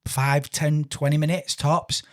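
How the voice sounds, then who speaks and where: A man's voice: fairly high pitch, flat delivery, measured pace. Chatty man, rambling. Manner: chatty, rambling, stumbles over words. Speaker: podcast host. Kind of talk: casual podcast conversation.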